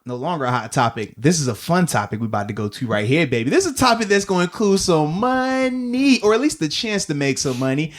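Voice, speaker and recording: Animated guy on a sports podcast, kinda high voice, laughing, says baby a lot. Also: brisk. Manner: animated, laughs often, uses slang like "baby" and "bro". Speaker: podcast co-host and former player. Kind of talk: casual sports podcast chat.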